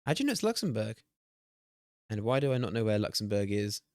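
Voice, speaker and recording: Brief: young male streamer, excitable and sweary, animated delivery, dead-dry mic. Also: lowish voice, fast, no echo. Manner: excitable, swears and laughs often, talks to chat. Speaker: streamer hosting a watch party. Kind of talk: casual live-stream chat while playing a guessing game.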